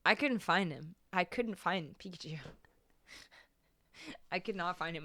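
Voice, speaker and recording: A woman's voice: fairly low pitch, unhurried, sharp tone. A young woman hosting a singing livestream from a home room with foam sound panels, chatting casually with her viewers. She repeats her phrases and laughs between them. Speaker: livestream singer and host. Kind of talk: casual chat with live chat.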